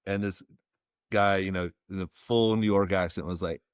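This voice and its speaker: A man in his forties, a former ballplayer, telling stories as a podcast guest in a relaxed, rambling way with plenty of fillers. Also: fairly low pitch, brisk, smooth, no room sound. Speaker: guest, former pro baseball player. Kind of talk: casual storytelling interview.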